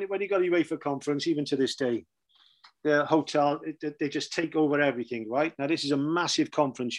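Welsh man, middle-aged, casual storyteller, laughing, keeps saying "right?", somewhat high-pitched. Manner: chatty, laughs often, repeats "right?" for emphasis. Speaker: storyteller recounting his career.

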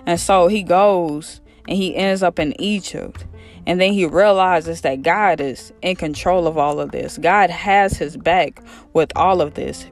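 Preacher, casual devotional sermon, fervent, repetitive urging, mid pitch, faint music behind.

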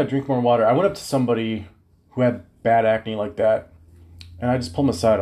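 Podcast host, male, 30s, mid-pitched, loose profane storyteller. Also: brisk. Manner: profane, animated, slangy storytelling. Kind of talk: casual storytelling monologue.

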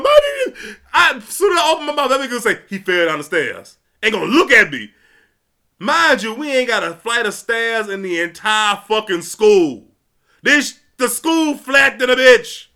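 A young man telling a profane, animated story, swearing freely and shouting as it builds. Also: extremely high pitch.

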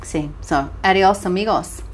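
An Australian woman co-hosting a podcast, telling a travel story in lively, casual chat. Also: medium pitch, moderate pace. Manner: chatty, animated storytelling with laughs. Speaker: podcast co-host.

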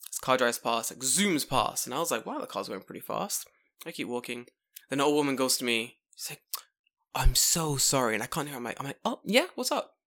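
A man's voice: mid-range voice, fast talker. A young man from London with a London accent, casually telling a story on a podcast, swearing freely and acting out the voices of people in it. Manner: animated, swears freely, acts out voices in his stories. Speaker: podcast co-host.

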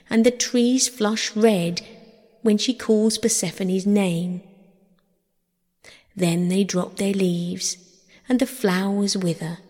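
Slow, gentle woman storyteller in a reverberant hall. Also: mid-range voice. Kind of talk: scripted storybook narration.

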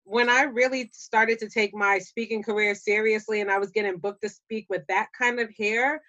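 A woman, telling stories in casual podcast chat, animated and slangy, often laughing. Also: medium pitch, moderate pace. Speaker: podcast guest, public speaker.

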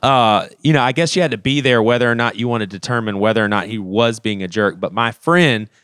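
A man with a smooth, clear voice tells a story on a podcast, animated and loose, restarting his phrases as he goes. The sound is close and dry, with no room around it. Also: on the low side, fairly quick, no echo. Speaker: podcast co-host. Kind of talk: casual storytelling chat.

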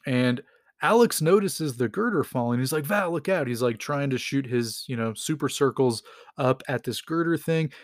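A man's voice: medium pitch, lively intonation, moderate pace, no echo, studio quality. A man casually retelling a story in a rambling, enthusiastic way, with lots of fillers. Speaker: comics recap host.

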